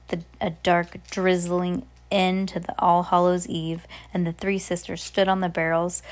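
Woman reading a storybook aloud, low-voiced. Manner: unpolished, frequent restarts. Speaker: reader.

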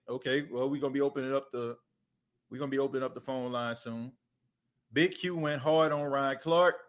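A man's voice: fairly high pitch, normal speed. A man hosting a casual sports podcast, talking loosely and conversationally and using lots of filler phrases. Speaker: podcast host.

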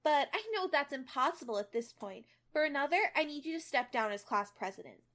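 A sly teenage bully with a high, sugary voice that turns cutting, drawing out each line, as a young woman puts her on. Read aloud casually from a fan story. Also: lively intonation, brisk, fairly bright tone. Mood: sneering.

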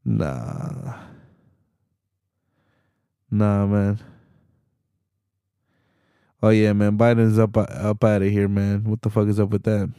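A man's voice: fairly low pitch, little pitch movement, slow pace, pauses often, dark tone, smooth, dry recording, clean studio sound. A young adult man hosting a podcast, delivering a laid-back, slangy, profane monologue with laughs between points. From Hispanic community in the US. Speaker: podcast host.

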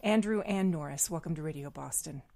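A woman with a slightly low voice hosts a news radio show. She asks questions and sets up stories in a measured, clear manner. Her delivery stays steady and composed.

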